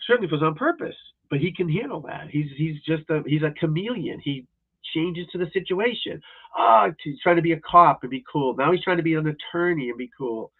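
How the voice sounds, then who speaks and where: A man's voice: fairly high pitch, animated, brisk. A man hosting a livestream as a golf instructor, in a casual, rambling, blunt and profane rant. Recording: tinny phone-like audio.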